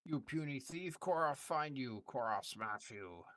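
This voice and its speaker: A man voicing a huge, dim, angry male ogre who speaks slowly in broken grammar and calls himself by name. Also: mid-range voice, expressive, fairly bright tone, voice pushed up. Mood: threatening. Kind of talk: reading game dialogue aloud in voices.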